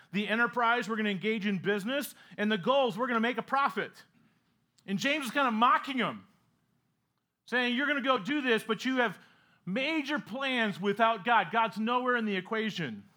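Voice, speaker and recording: Bright, high-voiced preaching man. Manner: earnest preaching with rhetorical questions; acts out quoted speech with sarcastic emphasis. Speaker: pastor. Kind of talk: sermon.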